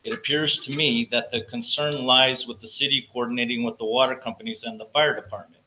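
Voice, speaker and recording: A man's voice: mid-range voice, steady tone, fairly quick, pushed and bright, low-quality recording. A man reading a prepared statement at a public meeting. He says he gets nervous and stutters. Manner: nervous, stutters, reads carefully. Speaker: public commenter, water company representative. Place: council chamber.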